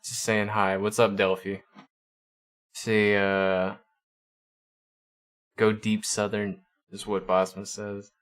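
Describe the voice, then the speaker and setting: A man's voice: on the low side, monotone, takes it slowly, long pauses, a bit bright. A man hosting a livestream, chatting casually with viewers and often stumbling over and repeating his words. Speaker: livestream host.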